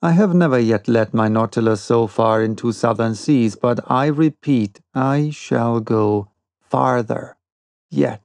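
A man reading the part of a stern, proud older sea captain in an audiobook, with a cold, quiet and ironic manner. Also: mid-range voice, a little slow, dry recording, lightly acted.

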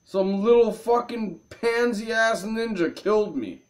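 A man's voice: high-pitched, takes it slowly. A man angrily commenting on a video game he just lost, cursing and ranting at himself. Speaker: gameplay video host. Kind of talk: frustrated gameplay commentary.

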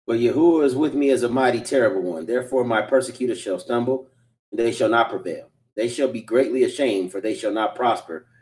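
A man reading scripture aloud in a brisk, steady way during a Bible study, heard from across the room. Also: mid-range voice. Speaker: scripture reader. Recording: distant from the mic.

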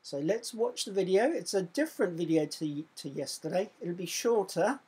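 A primary school teacher giving slow, careful instructions in a recorded online lesson. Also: mid-range voice, expressive, a little mellow, husky.

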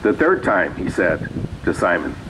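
Low-voiced man preaching casually. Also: sing-song, measured pace, background noise. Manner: conversational, reads scripture aloud with asides. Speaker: pastor. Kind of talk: sermon. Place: small church sanctuary.

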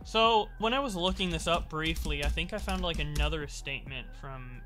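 A man's voice: on the high side, normal speed, soft background music. A man streaming commentary, reading documents aloud with a mocking, exasperated manner and exaggerated voices.

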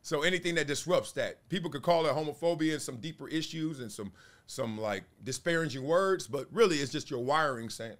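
A man in his forties hosting a casual commentary show, talking in an animated way and acting out little quotes. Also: fairly high pitch, a little fast. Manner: animated, acts out voices and quotes. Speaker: show host.

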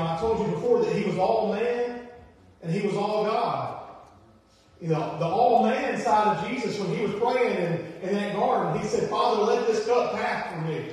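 A man's voice: sits high, darkish tone. A man preaching a sermon as pastor, in a conversational style that repeats phrases and acts out the voices of people he quotes. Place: church sanctuary. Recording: echoey church hall, distant mic, faint hiss.

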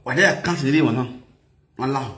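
A man's voice: medium pitch, brisk, a bit bright. A man chatting casually in a playful sing-song way, mixing languages, chanting and laughing often. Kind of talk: casual livestream chat with singing and chanting. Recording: echoey room.

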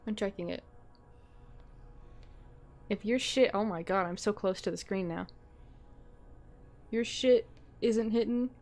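A woman's voice: mid-range voice, slow pace, long pauses, darkish tone, soft background music. A young adult woman streaming a game live, chatting casually, swearing freely and laughing often. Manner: giggly and profane, laughs often. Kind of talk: casual chat while gaming live.

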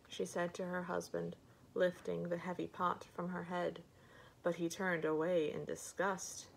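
A woman reading a bedtime story aloud slowly and gently, giving the characters light voices. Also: lowish voice, level tone, gravelly, slight background noise, poor audio.

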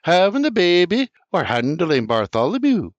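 An older man reading an audiobook voices a firm, decisive old grandmother in a high, strained voice. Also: huge pitch swings, normal speed, no room sound. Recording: dry, slightly muffled recording.

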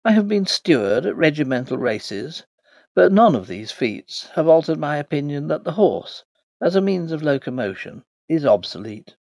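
Man narrating an audiobook with lively intonation. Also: fairly high pitch, moderate pace, dry recording.

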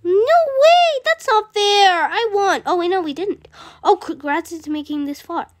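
A woman voicing Fluttershy, a timid gentle young female pony, talking through a video game and gasping at every fright. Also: extremely high pitch, moderate pace. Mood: nervous. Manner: easily frightened, gasps and soft exclamations. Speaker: gamer. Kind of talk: playing a video game in character. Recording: constant background noise.

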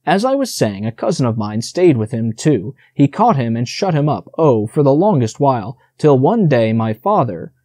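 A man's voice: medium pitch, very animated, moderate pace, hardly any pauses, darkish tone, no echo, clean studio sound. A man reading the part of an eager, chattering little male squirrel in an audiobook.

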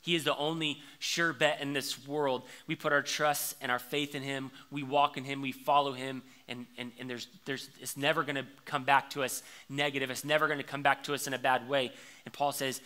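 Bright-voiced young male pastor preaching. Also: fairly high pitch, brisk. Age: young adult. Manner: conversational preaching, rises to lively storytelling. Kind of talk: sermon.

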